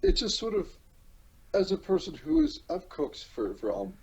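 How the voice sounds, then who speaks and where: A man from Newfoundland and Labrador hosting a podcast, talking in a rambling, halting way with many restarts. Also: high voice, huge pitch swings, muffled recording, slight background noise. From Newfoundland and Labrador, Canada. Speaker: podcast host. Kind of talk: casual chat.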